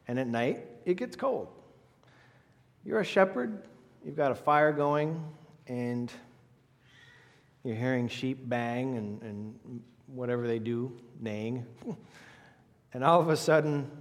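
A man's voice: medium pitch, slow, pauses often. A man preaching a sermon, emphatic and full of rhetorical questions aimed at the congregation. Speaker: pastor. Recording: long reverb of a large hall.

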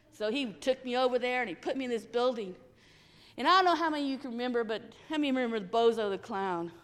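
A woman telling an expressive story to children during a church service. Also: fairly high pitch, quick pace, big-room sound.

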